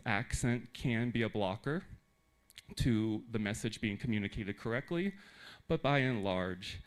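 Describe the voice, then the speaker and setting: An American man speaks to a theater audience of teachers. He is animated and playful, with quick asides to the crowd, and his voice sits at a middle pitch. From United States. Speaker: conference speaker. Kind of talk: live presentation to teachers.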